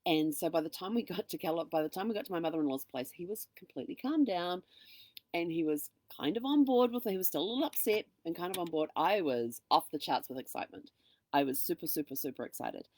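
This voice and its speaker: Middle-aged female host, low voice, dry close sound, animated storyteller who acts out dialogue. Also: fast, dry recording. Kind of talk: casual storytelling monologue.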